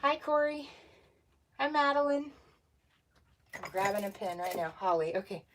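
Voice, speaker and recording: A woman's voice: mid-range voice, expressive, moderate pace, fairly bright tone, slight background noise. A woman, hosting a casual craft livestream, bubbly, laughing often and greeting viewers by name. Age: 40s.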